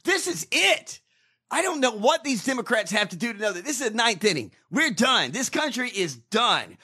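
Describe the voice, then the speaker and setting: A man co-hosting a podcast, ranting casually with profanity and shouting now and then. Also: high-pitched, sing-song, fairly quick, husky. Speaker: podcast co-host.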